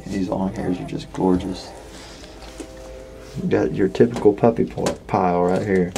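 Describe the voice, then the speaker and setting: A very low-voiced man talks in a relaxed, folksy way through a casual home video update about his litter. His recording is noisy, with dogs and household sounds close by. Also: unhurried, creaky. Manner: easygoing, folksy, chats to the dogs between remarks. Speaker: dog breeder. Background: dogs and household noise.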